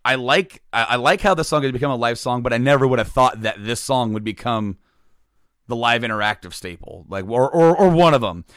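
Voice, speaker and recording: A man's voice: medium pitch, expressive, a little fast, fairly bright tone, no room sound, clean studio sound. A man hosting a casual music podcast, talking loosely with many restarts and fillers. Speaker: podcast host. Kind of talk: casual chat.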